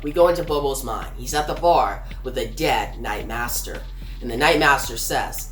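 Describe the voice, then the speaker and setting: A woman recapping a comic's plot in a casual, plain retelling, pausing with fillers. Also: extremely low pitch, a bit bright. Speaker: comic reviewer. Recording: roomy with faint music.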